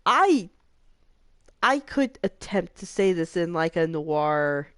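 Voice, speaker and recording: A woman's voice: medium pitch, big pitch swings, takes it slowly, fairly bright tone, no echo, clean studio sound. A woman hosting a live game stream, chatting casually and laughing often.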